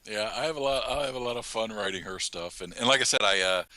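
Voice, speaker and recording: A man who writes an audio drama, chatting on a podcast in a halting, self-mocking way and laughing often mid-sentence. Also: on the low side, sharp tone, no room sound. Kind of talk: casual podcast chat.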